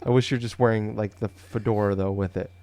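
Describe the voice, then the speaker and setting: A man's voice: lowish voice, steady tone, fairly quick, crowd noise. A man hosting a podcast in casual chat, joking and laid-back, swearing freely. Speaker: podcast host.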